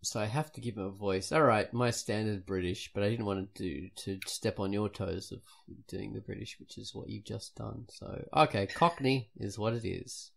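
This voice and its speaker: A man's voice: fairly low pitch, moderate pace, vocal fry, hardly any pauses. A man hosting a podcast in casual chat, rambling and trailing off with a self-deprecating tone. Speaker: podcast host.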